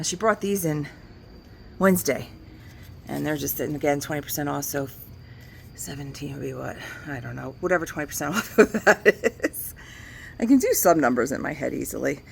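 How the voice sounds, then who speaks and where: Her voice sits low against slight background noise as she ambles through a spacious antique shop she owns. She chats about the merchandise and works through price cuts out loud.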